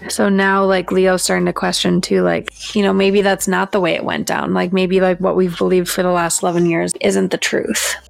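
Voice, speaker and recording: A woman co-hosting a book podcast, talking in a relaxed way with lots of fillers. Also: fairly low pitch, normal speed, vocal fry, hardly any pauses. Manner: relaxed, filler-heavy talk. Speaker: podcast co-host. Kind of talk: casual book discussion.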